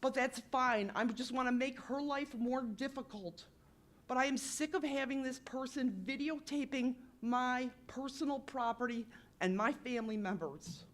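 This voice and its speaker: A woman with a high voice addresses a village council meeting during public comment at normal speed. Upset yet insistent, she keeps apologizing for being emotional as she pushes her complaint.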